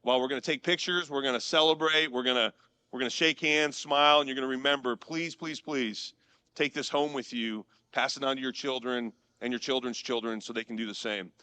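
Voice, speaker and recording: A man's voice: medium pitch, fairly even intonation, bright, forceful tone, smooth, dry recording. Earnest man giving a ceremonial speech. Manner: earnest, heartfelt, slow emphatic phrasing. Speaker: public official giving a speech.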